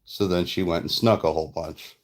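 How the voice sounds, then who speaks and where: A man's voice: low voice, fairly even intonation, brisk. A man and father telling a rambling, profane story in a casual vlog. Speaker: vlogger and father.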